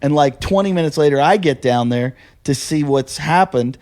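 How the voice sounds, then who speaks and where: A male comedian co-hosting a podcast, telling stories in casual chat, animated and quick to laugh, with frequent swearing. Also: fairly high pitch.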